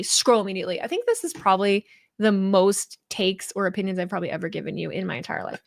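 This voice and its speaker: A woman's voice: mid-range voice, lively intonation, quick pace, gravelly. A woman hosting a live stream, chatting candidly and rambling, swearing freely as she talks. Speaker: host of a wrestling stream. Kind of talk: casual live-stream chat.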